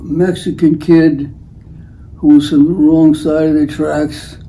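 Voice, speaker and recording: Brief: older male host, slow rambling storyteller, dark mellow tone, acts out the quotes. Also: on the high side, flat delivery, low-quality recording. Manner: unhurried, acts out the voices in his stories. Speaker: host telling life stories.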